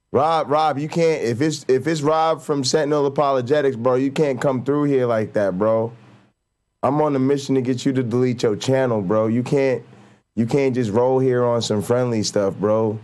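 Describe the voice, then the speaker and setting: A man's voice: medium pitch, a little mellow. Slangy male livestream host. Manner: slangy, joking, addresses chat directly. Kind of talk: casual livestream chat.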